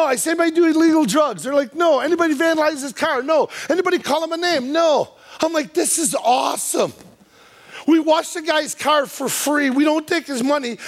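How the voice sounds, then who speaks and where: A man with a strikingly high voice tells a funny story from the pulpit of a church, putting on the voices of the people in it. Toward the end he turns earnest and hushed as he speaks to the congregation as a visiting youth speaker. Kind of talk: humorous storytelling sermon.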